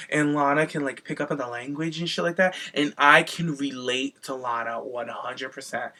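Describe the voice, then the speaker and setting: A man's voice: mid-range voice, moderate pace, hardly any pauses, pushed and bright. A man hosting a podcast, recapping a reality show in sassy, gossipy casual chat, swearing freely and acting out other people's voices. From Cape Verdean heritage.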